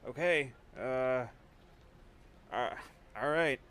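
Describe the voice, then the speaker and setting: A twitchy delivery driver, put on by a man who stammers through every excuse and keeps apologizing. He sounds eager to please and quick to back down, in a mid-range male voice. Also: medium pitch, a bit bright, smooth. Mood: nervous. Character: nervous male delivery driver, easily cowed.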